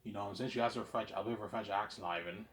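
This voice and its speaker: Racing along in a fairly low, steady voice, a man vlogs a rambling monologue at his audience. He brags and repeats himself, keeps adding "obviously," and swings from loud claims down to mumbled asides.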